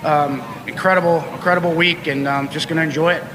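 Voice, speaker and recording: A man's voice: on the high side, steady tone, quick pace, in a large hall, background noise. A man interviewed at the track after winning a race, talking in a rambling way full of fillers. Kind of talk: post-race victory interview. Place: outdoor racetrack.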